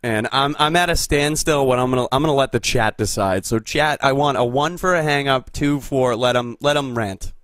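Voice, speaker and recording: A man's voice: mid-range voice, moderate pace, few pauses, fairly bright tone, no room sound. Dry, dismissive male stream host. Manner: dry, dismissive, talking back to caller. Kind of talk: casual live-stream talk.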